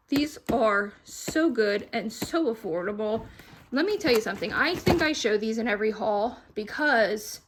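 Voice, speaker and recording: A woman's voice: a little high, a bit bright. A young woman chatting at home about her grocery bargains, a little out of breath as she unpacks. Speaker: vlogger. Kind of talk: casual grocery haul chat. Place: at home, kitchen.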